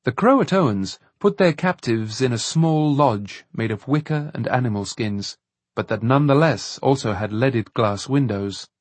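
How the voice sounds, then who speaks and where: A man narrates an audiobook in a measured, even reading. His voice is husky and mid-pitched. The recording is dry and close. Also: dry recording. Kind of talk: scripted narration.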